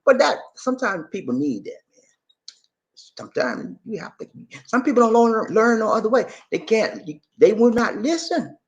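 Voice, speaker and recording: A man's voice: high-pitched, big pitch swings, normal speed, highs cut off. A man hosting a casual vlog, chatty and repetitive as he quizzes viewers. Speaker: channel host.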